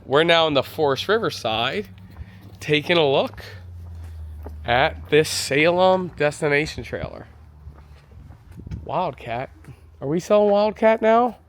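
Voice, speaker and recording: Excitable male RV reviewer, unhurried. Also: fairly high pitch. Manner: enthusiastic, exclaiming. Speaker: RV reviewer touring a show. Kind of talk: walkthrough vlog. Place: indoor RV show hall.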